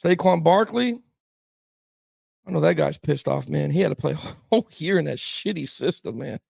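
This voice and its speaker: A man hosting a laid-back sports talk stream, riffing on viewer comments and chuckling as he goes. His voice sits high with a gravelly rasp, recorded dry and close. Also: animated, normal speed, a little mellow, no echo. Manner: rambling, reacting to viewer comments with chuckles, lots of "man" and "bro". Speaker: sports talk show host. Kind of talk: casual sports talk livestream.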